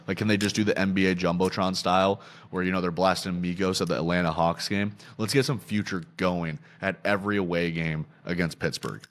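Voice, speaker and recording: A young man hosting a podcast, chatting casually about sports betting with profane, animated storytelling. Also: low voice. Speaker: podcast host.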